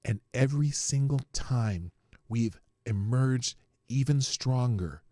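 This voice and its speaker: Guy doing a solemn prime minister farewell speech, slow and emphatic, dry room. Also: mid-range voice, mellow, no echo, lightly acted.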